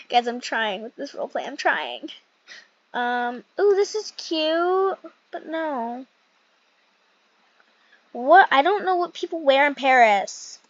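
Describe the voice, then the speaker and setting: A young woman who hosts a gaming channel gives casual, rambling commentary on a role-play game, correcting herself frequently. Her high-pitched voice is very animated, yet she takes it slowly with long pauses. The mic sounds dull and lo-fi.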